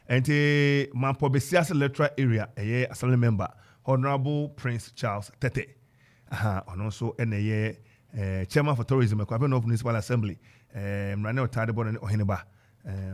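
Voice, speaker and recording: A man's voice: medium pitch, darkish tone. A man with a Ghanaian accent hosting a live radio talk show in a studio, running through a long list of guests with many fillers and restarts. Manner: rambling, filler-heavy roll call of guests. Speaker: radio host.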